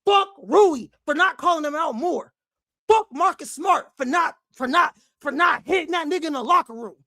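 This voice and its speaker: Guy with a real high voice going off on a fan rant, yelling and cussing, super dry close sound. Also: lively intonation, normal speed, no echo. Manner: angry, profane, often shouting. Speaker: basketball fan show host.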